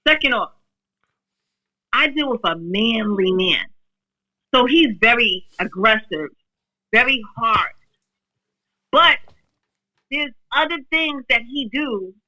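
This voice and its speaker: A woman's voice: fairly high pitch, lively intonation, slow pace, long pauses, bright, forceful tone, poor audio. A woman on a casual podcast debate, who keeps interjecting to get her say. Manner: interjecting, pushes to get a word in.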